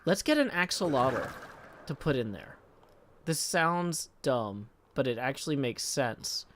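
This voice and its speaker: A tired man streaming a game live, chatting casually and reading his chat aloud. He keeps dropping into soft, muttered asides to himself. A faint hiss sits under the voice. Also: mid-range voice, very animated, a little slow.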